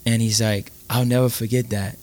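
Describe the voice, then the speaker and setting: Animated man telling a story. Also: mid-range voice. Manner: animated, halting with restarts. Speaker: podcast guest. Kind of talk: casual storytelling.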